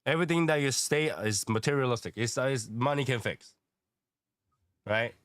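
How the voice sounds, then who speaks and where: Calm guy hosting a chat, steady reassuring talk, dry sound. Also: mid-range voice, normal speed, dry recording. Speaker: panel host. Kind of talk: casual chat.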